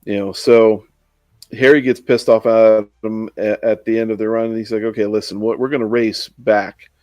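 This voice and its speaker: A man's voice: on the low side, level tone, normal speed, a little mellow, no echo. A man in casual book-discussion chat, recapping the plot with fillers and quoted dialogue.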